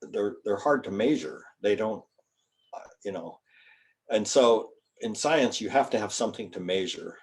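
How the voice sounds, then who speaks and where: An older man, a chiropractor, giving an informal lecture to students in a folksy, rambling way and spelling out terms. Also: on the low side. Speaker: guest speaker, chiropractor.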